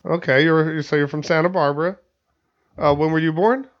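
Fairly quick and steady in tone, a slightly high-voiced male podcast host rambles and curses in casual studio chat, often stammering and starting over. The podcast audio sounds muffled and lo-fi.

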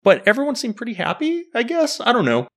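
A man's voice: very high voice, huge pitch swings, fast, a bit bright. A man in casual chat, animatedly breaking down a TV series and quizzing his co-host. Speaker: podcast host discussing a TV series.

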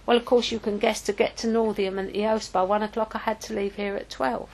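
A woman's voice: medium pitch, level tone, brisk, darkish tone, low-quality recording. Older woman preaching informally. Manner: chatty and anecdotal, with self-corrections. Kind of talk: informal teaching talk.

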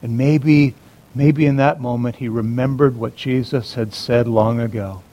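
A male pastor preaching a sermon in a dramatic way, moving between urgent emphasis and hushed, quiet passages. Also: mid-range voice, fairly even intonation, measured pace, dull audio.

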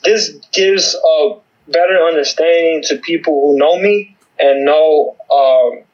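A man speaking as an interview guest, giving a halting personal testimony full of fillers, heard over a remote call. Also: fairly high pitch, a little mellow, lo-fi sound. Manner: halting, many fillers and restarts.

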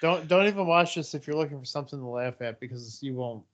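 A podcast co-host making halting, deadpan remarks. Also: medium pitch, highs cut off, slight background noise. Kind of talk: casual podcast chat.

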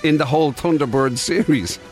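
A man's voice: fairly high pitch, fairly quick, faint music behind. An Irish man co-hosting breakfast radio, bantering in a teasing, playful way and laughing often. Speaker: radio host.

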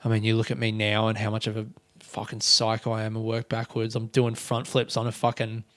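An Australian man in his thirties, hosting a solo podcast, telling rambling, profane stories and acting out shouts. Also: fairly low pitch, completely flat delivery, a little fast, dry recording. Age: 30s. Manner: rambling, swears freely, acts out shouts. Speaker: podcast host. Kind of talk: casual solo storytelling.

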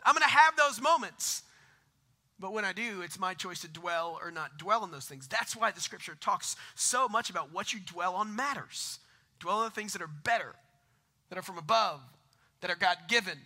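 A man's voice: high-pitched, sharp tone. A man in his thirties preaching a conversational sermon, breaking into self-deprecating jokes and asides. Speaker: pastor.

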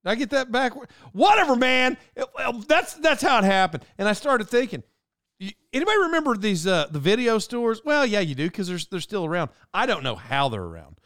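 High, clear-voiced man ranting on a podcast. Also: big pitch swings, fairly quick, a bit bright, no echo, clean studio sound. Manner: digressive and self-interrupting, ranting. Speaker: podcast host. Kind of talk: rambling solo monologue.

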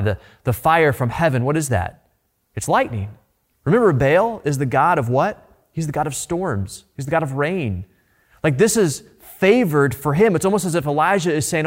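A man preaching a sermon in an animated, informal way, asking the listeners rhetorical questions. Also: a little high, normal speed. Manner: conversational, informal. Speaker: pastor.

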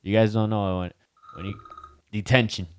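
A man's voice: on the low side, level tone, normal speed, a little mellow, smooth. A young man co-hosting a podcast in casual chat, swearing freely and dropping Spanish phrases into his talk. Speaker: podcast co-host.

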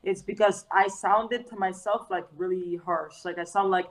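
A woman's voice: mid-range voice, fairly even intonation, measured pace. Earnest woman talking reflectively. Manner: earnest, reflective, many "like"s and "you know"s. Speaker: interview guest. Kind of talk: casual interview chat.

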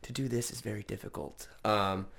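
Loud outgoing Californian man, rocker rasp. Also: lowish voice, fairly even intonation, a little fast. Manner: loud, outgoing, swearing, rambling restarts. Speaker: podcast host, voiceover actor. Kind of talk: casual chat.

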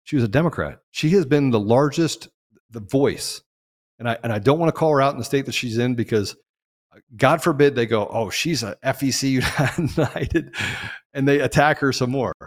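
A man hosting a political talk show, speaking in an impassioned monologue that swings from loud peaks to low asides. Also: moderate pace, in a large hall. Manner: emphatic, rising to loud peaks and dropping low. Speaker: podcast host.

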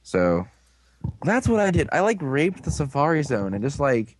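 A man's voice: on the high side, very animated, moderate pace, a little hiss or hum. A young man co-hosting a casual recap podcast, rambling and crude with a sarcastic edge. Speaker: podcast co-host.

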